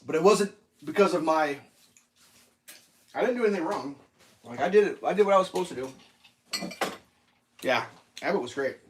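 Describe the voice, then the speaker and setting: A man casually telling rambling dog stories while cooking breakfast on a stream, animated and laughing at his own tales. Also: on the high side, moderate pace, pauses often, a little hiss or hum.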